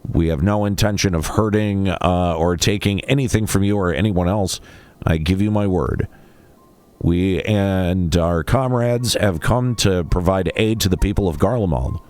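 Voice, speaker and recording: A man's voice: low-pitched, unhurried, a little mellow, dry recording. A man reading as an earnest young diplomat. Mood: reassuring. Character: earnest young male scholar, calm and diplomatic.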